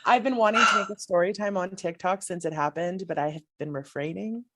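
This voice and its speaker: A woman's voice: fairly low pitch, brisk, very noisy. A woman co-hosting a podcast, gushing through a fan story with lots of giggles. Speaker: podcast co-host. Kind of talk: excited storytelling chat.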